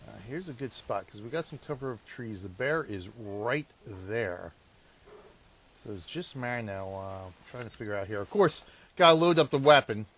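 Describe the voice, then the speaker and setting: A man casually commenting on his own hunting gameplay, rambling and self-mocking, laughing at his blunders and swinging between hushed muttering and loud exasperated outbursts. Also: fairly low pitch, expressive, normal speed.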